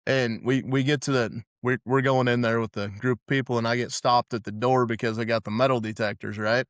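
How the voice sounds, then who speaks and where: Guy rambling thru old concert stories, cussing lots, smooth clear voice. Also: medium pitch, steady tone, fairly quick, no echo, studio quality. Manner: rambling, profane, restarts a lot. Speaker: podcast host. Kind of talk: casual storytelling chat.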